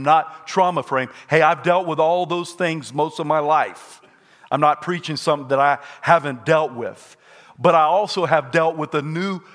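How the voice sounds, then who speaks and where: An older man preaching a sermon, repeating his points and rising to shouted peaks. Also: a little high. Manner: repetitive and emphatic. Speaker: pastor.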